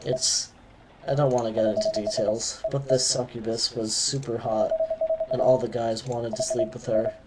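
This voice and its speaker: A man reading a young male elf freelancer's game lines in a casual, slightly cocky storytelling way, over loud background noise. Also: medium pitch, level tone, moderate pace, lightly acted. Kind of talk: reading game dialogue aloud.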